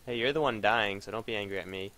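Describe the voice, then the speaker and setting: During live gameplay, a man gives profane, frustrated commentary on his own match, muttering before bursting out. His voice is lowish, quick and sharp, with slight background noise.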